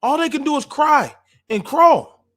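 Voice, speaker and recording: A high-pitched man, speaking on a livestream. He lectures with deep emotion and a preacher's rhythm, pushing his voice up into shouts. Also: animated, a little slow. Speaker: podcast host. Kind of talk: impassioned livestream monologue.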